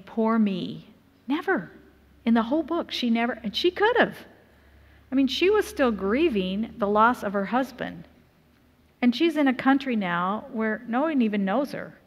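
Woman, middle-aged, from Utah, testimony sermon, earnest storytelling, medium pitch, reverberant hall. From Utah, USA. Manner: earnest storytelling with lively quoted asides. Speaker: conference speaker. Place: church conference hall.

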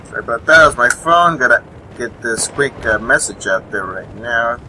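A man's voice: medium pitch, expressive, moderate pace, bright, forceful tone, slight background noise, low-quality recording. A young man giving live gameplay commentary, rambling, swearing and chuckling at enemies, with game gunfire behind him. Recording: faint gunfire and vehicles behind. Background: game gunfire and explosions.

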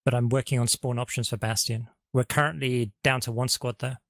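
A man's voice: mid-range voice, steady tone, a little fast, vocal fry, no echo, studio quality. A man leading a squad in an online game, giving hesitant status reports over voice chat with many fillers. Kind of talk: game voice comms.

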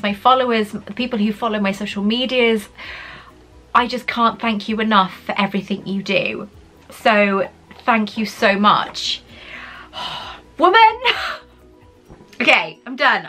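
A woman's voice: mid-range voice, pushed and bright. A woman vlogger unboxing gifts in casual chat, gushing and emotional, often exclaiming with delight.

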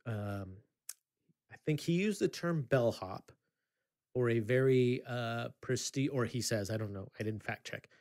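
A man co-hosting a casual podcast, telling an animated story with halting restarts and laughing asides. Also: mid-range voice. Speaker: podcast co-host.

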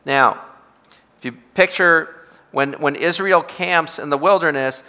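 A man's voice: on the high side, a little slow, sharp tone, long reverb tail. A man teaching a Bible study as a pastor, emphatic and repetitive, often asking his listeners questions.

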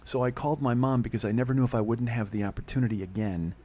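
A man hosting a podcast, telling a comedic story in a fast, profane way and laughing at his own jokes. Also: medium pitch, dark tone. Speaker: podcast host. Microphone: studio podcast mic.

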